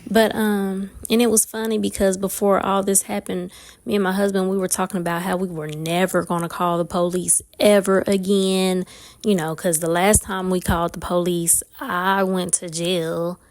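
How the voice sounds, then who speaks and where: A woman, telling a casual storytime vlog in an animated, profane way with lots of fillers. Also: lowish voice, normal speed. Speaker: nail and craft vlogger.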